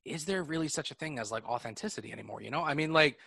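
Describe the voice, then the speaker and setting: Young guy podcasting, bright voice, rambles with lots of likes. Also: fairly high pitch, rapid-fire, creaky, husky, no echo. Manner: rambling, loose, lots of filler words. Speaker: podcast co-host. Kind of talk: casual chat.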